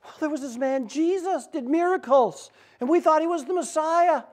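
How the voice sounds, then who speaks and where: A man's voice: on the high side, rapid-fire, creaky, full character voice. A man playing a baffled, incredulous traveler. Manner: incredulous, excited retelling. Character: bewildered male traveler, baffled and earnest.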